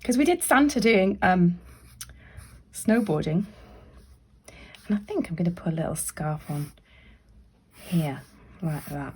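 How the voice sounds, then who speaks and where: A woman leads a children's drawing tutorial in a chatty, encouraging way, often dropping into soft whispered asides. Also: fairly low pitch, lively intonation, measured pace, pauses often, slightly rough. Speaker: library staff member leading a craft activity.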